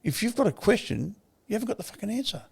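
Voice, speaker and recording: Gravelly older Australian man, blunt. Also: high voice, fast talker. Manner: blunt, swears freely, animated retelling. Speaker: podcast guest. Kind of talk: candid interview storytelling.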